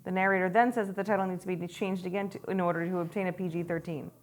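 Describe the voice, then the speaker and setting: A woman's voice: fairly low pitch, fairly even intonation, rapid-fire. Woman co-host reading movie trivia. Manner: reads movie trivia aloud, dry. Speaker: podcast co-host. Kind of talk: casual movie-review chat.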